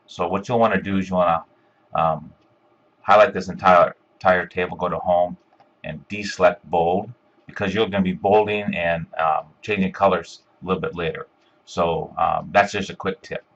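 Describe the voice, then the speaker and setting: A man giving a step-by-step screencast software tutorial, talking casually with lots of ums and uhs. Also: low-pitched, steady tone, normal speed, lo-fi sound. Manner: step-by-step, filler-heavy with frequent ums and uhs. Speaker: instructor.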